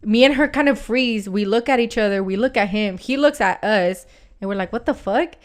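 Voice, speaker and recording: Woman, casual storytelling, smooth clear voice, animated, lots of swearing. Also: mid-range voice, moderate pace. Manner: animated, swearing, heavy use of "like". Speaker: podcast co-host.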